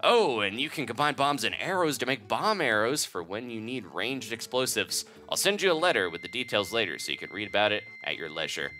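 Man reading a folksy game shopkeeper: eager salesman, lively pitch, bright tone. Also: brisk, hardly any pauses, soft background music. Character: folksy male bomb shop owner, eager salesman. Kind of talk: reading game dialogue aloud.

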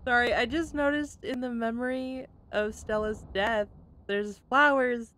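Slow-talking, emotional young woman streamer. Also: a little high, fairly even intonation, a bit bright. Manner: halting, full of fillers and restarts; emotional, laughs through tears. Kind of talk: casual gameplay chat.

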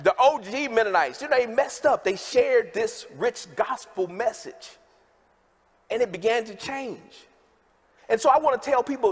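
A man's voice: high voice, animated, a little slow. A man preaching a sermon in a large worship hall, folksy and calling out to the congregation. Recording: long hall reverb.

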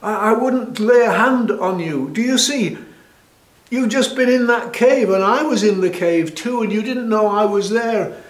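Man playing an earnest young hero, raised high voice, echoey room, storybook telling. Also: measured pace. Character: young male hero leader, earnest and pleading.

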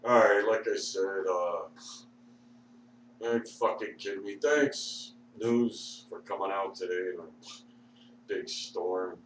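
A man mutters and swears through a rambling rant, slow and low-pitched. He sounds sore and strained. The recording catches him from across an echoey room over a faint hum. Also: distant mic. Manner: profane, muttering and grumbling. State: sore, struggling to talk. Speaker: vlogger.

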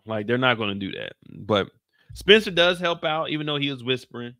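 A man hosting a casual TV recap, animated and slangy, often laughing. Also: mid-range voice, fairly quick, vocal fry, no room sound, clean studio sound. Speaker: show recap host. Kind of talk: casual commentary.

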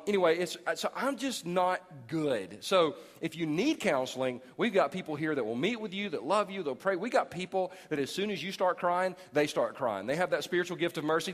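Animated pastor guy, kinda high voice, jokey sermon, big echoey church hall. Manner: animated, jokey, acting out quoted people. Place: large church auditorium. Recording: long hall reverb.

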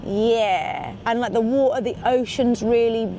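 An excitable, chatty woman vlogging from a moving car, swearing casually as she talks. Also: a little high, measured pace. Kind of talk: casual road-trip chat. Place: in a car on the road. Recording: road noise behind. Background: car and road noise.

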